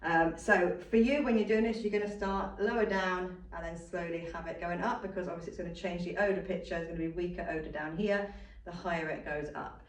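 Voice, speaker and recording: A woman's voice: lowish voice, fairly even intonation, fairly quick. A woman dog trainer giving a patient, step-by-step demonstration lesson and repeating her key points. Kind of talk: instructional demonstration. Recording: roomy sound from a distant mic.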